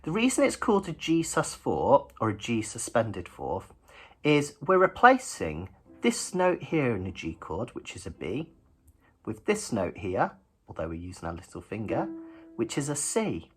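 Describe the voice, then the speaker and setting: A man's voice: medium pitch, huge pitch swings, measured pace, husky. A man teaching a ukulele lesson in a chatty, encouraging way, counting beats aloud as he strums. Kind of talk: friendly instructional lesson. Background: his own ukulele playing.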